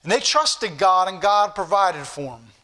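High, bright-voiced fervent male preacher. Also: lively intonation, measured pace. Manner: earnest, rising to fervent questions; old-fashioned scripture phrasing. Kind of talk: Sunday school sermon.

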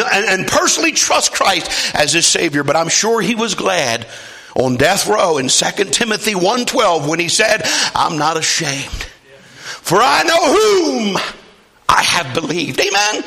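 A high-pitched male preacher delivers a lively sermon, calling out to the congregation for responses. His voice is bright and forceful as he acts out the people in his story and often climbs into a shout. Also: breathy edge. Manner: animated, calls for response from congregation.

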